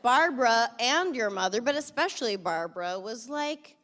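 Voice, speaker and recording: A woman's voice: a little high, animated, moderate pace, a bit bright, long reverb tail. A woman chatting on stage with wry, offhand humor. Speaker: interviewer. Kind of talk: onstage conversation.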